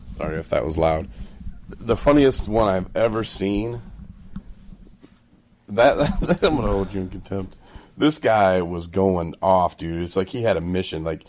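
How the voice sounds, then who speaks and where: A man co-hosting a casual recovery podcast, telling stories animatedly and laughing often. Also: sits low. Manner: animated storyteller who acts out other people's voices. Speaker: podcast co-host. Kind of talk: casual chat.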